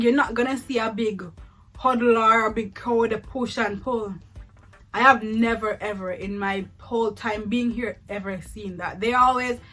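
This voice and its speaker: A young Jamaican woman chats in a relaxed vlog. She has a fairly high voice, laughs often and drifts into patois. Faint music sits under her talk. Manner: chatty, repeats words for emphasis, laughs often, slips into patois. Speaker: vlogger. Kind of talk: casual vlog comparing countries.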